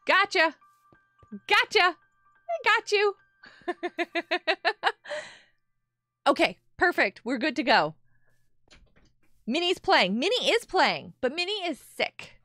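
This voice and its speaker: A woman hosting a casual gaming live stream, chatting with viewers in a bubbly, animated way with gasps and laughs. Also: very high voice, slow, long pauses, no echo, studio quality, soft background music. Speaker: livestream host.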